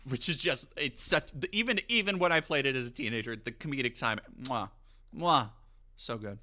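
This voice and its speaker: A man talking on a livestream with a bright, forward voice that jumps around in pitch. He riffs, swears and jokes, and reads text aloud with mock drama. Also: moderate pace. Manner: animated, profane, jokey riffing. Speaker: streamer. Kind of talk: casual livestream commentary.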